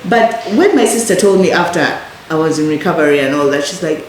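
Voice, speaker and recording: Animated woman telling her story, echoey room. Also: low-pitched, a little fast. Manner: animated, acts out other people's lines with laughter. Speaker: guest sharing her recovery story. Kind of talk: casual storytelling chat. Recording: echoey room with faint noise.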